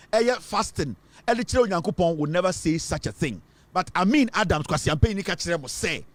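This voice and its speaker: A man's voice: sits high, dry recording. A man with a Ghanaian accent giving emphatic political news commentary, switching between English and Twi.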